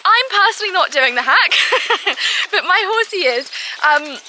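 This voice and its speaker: A woman's voice: very high-pitched, expressive, normal speed, sharp tone, a little hiss or hum, rough recording. A young woman chatting casually to her phone camera while walking outdoors on open heathland. She is bubbly and laughs often between phrases. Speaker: vlogger. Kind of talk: casual vlog chat to camera.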